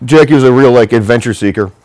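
A man's voice: medium pitch, quick pace, a little mellow. A man in casual chat, telling a long, rambling, profane story full of "like" fillers.

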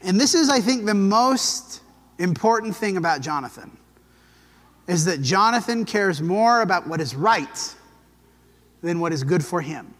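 A man teaching a Bible lesson in a relaxed, conversational way, telling the story and briefly acting out the quotes. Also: high voice, a little slow, long reverb tail.

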